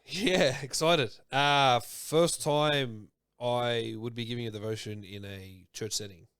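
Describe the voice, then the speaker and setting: Aussie guest guy, relaxed slangy chat, mid voice, no room sound. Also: medium pitch, slow pace, clean tone, no echo. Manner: laid-back, laughs along, slangy. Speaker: podcast guest. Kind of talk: casual chat.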